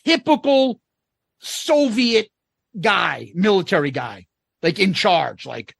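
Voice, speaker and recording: A man's voice: sits high, big pitch swings, slow pace, gravelly, a bit bright, no echo. A man co-hosting a casual podcast, rambling and profane as he retells scenes. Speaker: podcast co-host. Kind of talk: casual chat.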